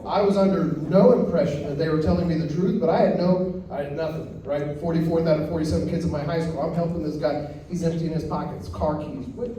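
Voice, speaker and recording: High-voiced comic, echoey club. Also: male voice, slight background noise. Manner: deadpan storytelling with quick acted quotes. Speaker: stand-up comedian. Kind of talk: stand-up comedy set. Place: comedy club stage. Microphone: handheld stage mic. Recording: echoey club from far off, crowd. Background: audience laughing.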